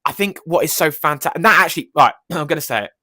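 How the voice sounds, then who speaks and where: A man's voice: fairly high pitch, fast talker, bright, forceful tone, no echo. Enthusiastic rambling film-review man. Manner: enthusiastic, rambling, many fillers. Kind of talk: casual film review vlog.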